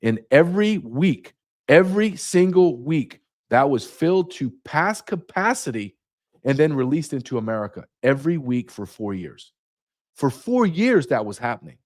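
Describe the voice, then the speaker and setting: A man's voice: medium pitch, lively intonation, moderate pace, a little mellow. A man speaking as a guest, emphatic and repeating key numbers for effect. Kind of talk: emphatic interview talk.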